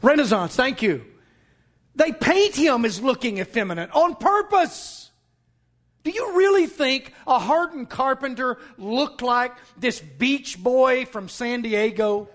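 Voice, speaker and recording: A man preaching a sermon as pastor, emphatic and scornful, breaking into shouts. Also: extremely high pitch, expressive, slow pace.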